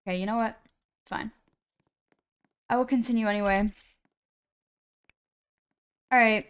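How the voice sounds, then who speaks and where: A woman's voice: on the high side, steady tone, measured pace, pauses often, smooth. A woman live-streaming a game, chatting casually to her viewers in a rambling, self-deprecating way into a computer mic.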